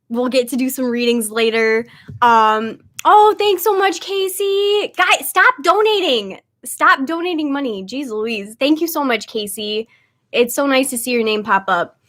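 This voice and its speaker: A woman's voice: fairly high pitch, lively intonation, a little slow, fairly bright tone. A young woman hosting a casual livestream, talking in a chatty way with many fillers, holding back tears. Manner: chatty, lots of "like" and "um". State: tearful, on the verge of crying. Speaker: livestream host, tarot reader.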